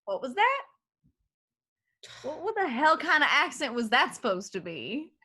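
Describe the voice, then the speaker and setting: An actress playing a boisterous, drunk Southern woman from Georgia, loud and teasing, in a staged reading over a video call. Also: high voice, sing-song, measured pace, heavily acted. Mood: tipsy, combative.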